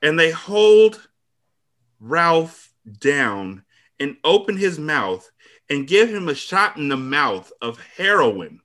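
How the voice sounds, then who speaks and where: A man hosting a podcast, recapping an episode in a casual, profane, storytelling way with quick asides. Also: on the high side, big pitch swings, fairly bright tone. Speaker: podcast host.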